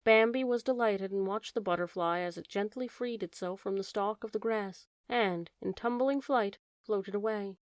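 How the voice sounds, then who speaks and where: A woman reading an old fairy tale aloud in a gentle, measured way. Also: medium pitch, no echo, clean studio sound. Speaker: audiobook narrator. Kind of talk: storybook narration.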